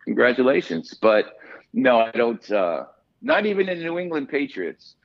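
A man who is a guest on a podcast, telling stories in lively casual chat with plenty of swearing. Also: medium pitch, normal speed, gravelly, dull audio. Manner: animated, profane storyteller.

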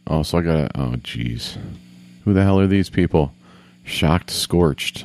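A man's voice: very deep voice, expressive, a little slow, creaky, darkish tone, no room sound. A man casually commenting on a video game as he plays, grumbling, swearing and talking to himself. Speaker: gamer.

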